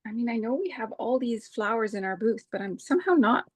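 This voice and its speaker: A woman in her forties co-hosting a live crafting stream, talking in a halting way with many fillers. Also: on the high side, animated, breathy edge, no echo. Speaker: co-host of a live scrapbooking stream. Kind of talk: casual chat.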